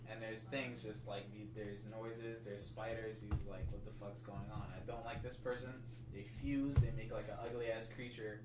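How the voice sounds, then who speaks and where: A man's voice: medium pitch, reverberant, far from the mic, low-quality recording. A man casually retelling a story at length, rambling with many "like"s and swears. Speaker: co-host.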